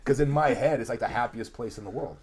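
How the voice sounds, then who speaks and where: A man hosting a podcast in casual chat, excitable and quick to chime in. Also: mid-range voice, slightly rough.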